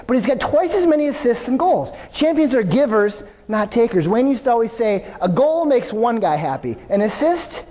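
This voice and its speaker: Keynote speaker, male, high voice, lively storyteller, hall reverb. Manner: energetic storytelling with asides to the audience. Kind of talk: live motivational keynote speech. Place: large venue before an audience.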